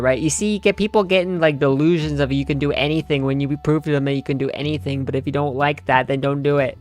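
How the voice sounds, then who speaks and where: A man's voice: a little high, steady tone, quick pace, hardly any pauses, soft background music. A tired young man streaming his reaction to a game story, rambling sarcastically in slang with plenty of fillers. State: tired, half asleep. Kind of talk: casual rambling commentary.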